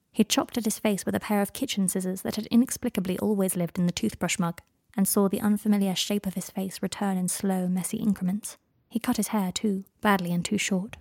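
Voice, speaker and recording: A woman narrating fan fiction as an audiobook, with measured, unhurried phrasing. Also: medium pitch, dark tone, dry recording, studio quality.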